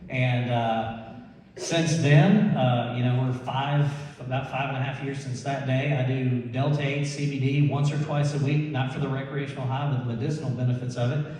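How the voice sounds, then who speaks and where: Animated man telling a story in an echoey hall. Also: medium pitch, moderate pace, slight background noise. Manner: animated, laughing storyteller who acts out quotes. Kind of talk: personal story told to an audience. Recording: echoey hall, mic far off.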